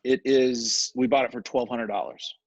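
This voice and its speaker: A male real estate developer, the guest on an interview, telling a story in a chatty, animated way and often checking in with "right?" The recording is dull and lo-fi. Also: mid-range voice, normal speed, dry recording.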